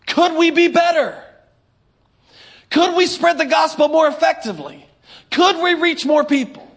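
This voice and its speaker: A man preaching a sermon in a church, animated and humorous, acting out little scenes for the congregation. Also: very high-pitched, measured pace. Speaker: pastor. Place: church sanctuary.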